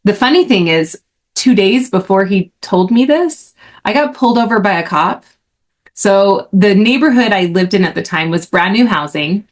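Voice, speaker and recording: A woman hosting a podcast, telling a candid personal story in a chatty way, with lots of "like" and her voice rising when she gets excited. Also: normal speed. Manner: chatty, frequent "like", rises in pitch when excited. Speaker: podcast host.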